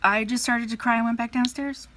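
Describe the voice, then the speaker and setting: A woman's voice: on the high side, fairly even intonation, brisk, pushed and bright, slight background noise. A woman in her thirties, a crafting vlogger, chatting casually and telling stories with plenty of fillers and playful voices for quotes. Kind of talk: casual storytelling chat.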